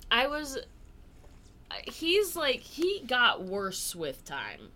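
A woman's voice: fairly high pitch, huge pitch swings, drawn-out words, pushed and bright. A young woman co-hosting a podcast, chatting casually with a crude, giggly, playful manner. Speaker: podcast co-host. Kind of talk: casual chat.

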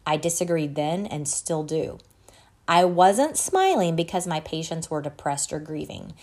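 A woman podcast host reading an article aloud in a measured way, stopping now and then to correct her own slips. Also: low-pitched, expressive, a little mellow.

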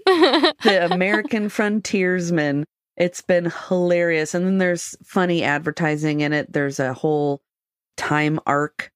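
A woman's voice: low voice, level tone, a little slow, smooth, no room sound, studio quality. A woman co-hosting a casual podcast from a lakeside cabin, chatting and telling stories with amusement. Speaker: podcast co-host. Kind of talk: casual chat.

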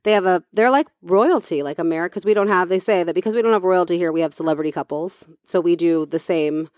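A woman's voice: fairly low pitch, fast, a little mellow, no room sound, studio quality. A woman co-hosting a casual chat, talking freely with many fillers and restarts.

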